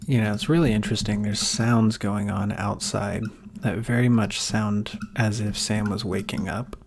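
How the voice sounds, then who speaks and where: A young man streaming a game from home, talking quietly to himself and often dropping into a half-whisper. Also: fairly low pitch, fairly even intonation, moderate pace, vocal fry. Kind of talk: gaming stream commentary. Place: home room at a computer. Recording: noisy, with keyboard and mouse clicks.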